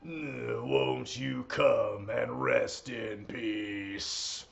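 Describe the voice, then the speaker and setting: A man doing a slow, low, murmured impression of a brooding undead-style male wrestler singing. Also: creaky, exaggerated voice.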